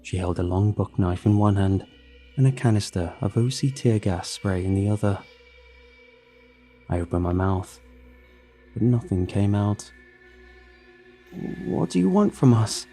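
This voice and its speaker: A man reading a horror story aloud in a measured, grim way. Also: deep voice, steady tone, mellow. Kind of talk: scripted horror narration. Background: faint music.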